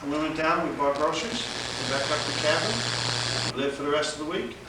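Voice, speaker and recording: Animated high-voiced man in an echoey room. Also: a little fast, heavy background noise. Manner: animated, laughs often, acts out other people's lines. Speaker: evangelist telling his testimony. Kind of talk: storytelling conversation. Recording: very echoey room, mic at a distance.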